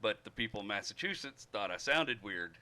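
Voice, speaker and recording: A man's voice: fairly low pitch, animated, brisk, crowd noise. A man, telling stories in casual chat with a self-mocking, laughing manner. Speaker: podcast guest. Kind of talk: casual storytelling.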